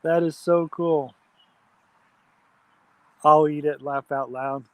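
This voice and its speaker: A man's voice: on the high side, fairly even intonation, takes it slowly, no echo. A man hosting an outdoor campfire live stream, chatting casually and reading viewer comments aloud. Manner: chatty, reads chat aloud, friendly shout-outs.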